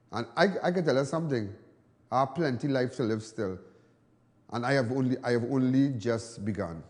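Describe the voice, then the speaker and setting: A man's voice: medium pitch, animated, a little fast, a little mellow, big-room sound. A Trinidadian man hosting live television talk, emphatic, repetitive and defiant. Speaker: TV host.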